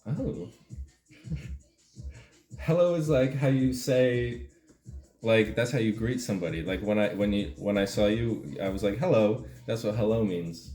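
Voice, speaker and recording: Comic host, male, dark mellow voice, playing dumb in a fake tutorial, roomy room with faint music. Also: lowish voice, unhurried, long pauses. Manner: feigned confusion, deadpan rambling. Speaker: comedic video host. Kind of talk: mock language tutorial, casual chat.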